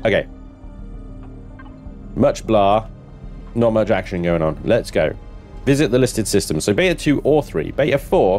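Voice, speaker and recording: A man's voice: medium pitch, a little mellow. A man giving casual gameplay commentary, chatty and laughing often as he reads game text aloud. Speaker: gamer streaming his play.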